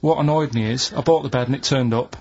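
A man, a regular on a radio show, telling a story in a dry, deadpan way in casual banter. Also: medium pitch, fast talker, breathy edge, dull audio.

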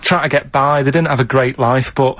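A man's voice: mid-range voice, steady tone, brisk, a bit bright, dry recording, highs cut off. A man co-hosting a casual radio show, explaining things in a plain, matter-of-fact way. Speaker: radio co-host.

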